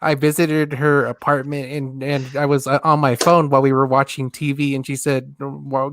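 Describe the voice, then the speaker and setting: A man on a casual podcast, telling a short story in a relaxed way. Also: mid-range voice, fairly quick, few pauses.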